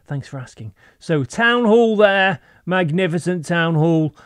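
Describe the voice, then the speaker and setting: Male gaming host, joking commentary, raised pitch, dead-dry close mic. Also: lively intonation, measured pace, clear, resonant tone, no room sound. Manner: playful, rambling, goofy asides.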